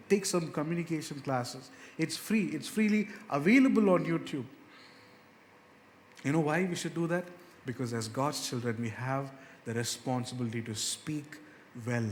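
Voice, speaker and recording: A male pastor preaching a sermon earnestly, rising and slowing as he quotes scripture. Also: a little hiss or hum. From India. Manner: earnest, rises in pitch and slows down on scripture verses. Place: church hall. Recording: long reverb of a church hall, faint ambience.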